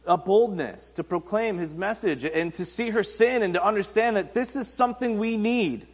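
Man, pastor, casual conversational sermon, fairly high voice, reverberant hall. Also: a little fast, hardly any pauses. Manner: conversational, acts out Bible figures in everyday speech. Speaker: pastor and teacher.

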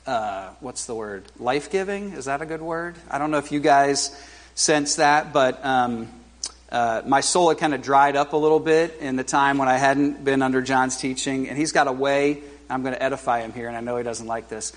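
Speaking to a congregation as a guest preacher, a man in his forties gives a casual sermon in a medium-pitched voice. He's halting and conversational, leaning on fillers and self-deprecating humor.

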